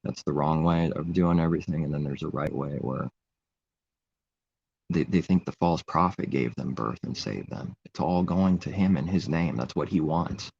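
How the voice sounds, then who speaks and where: A man's voice: extremely low pitch, moderate pace, creaky, darkish tone, lo-fi sound, slight background noise. A man giving an informal, rambling sermon in a conversational way. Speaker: preacher. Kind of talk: informal live-stream sermon.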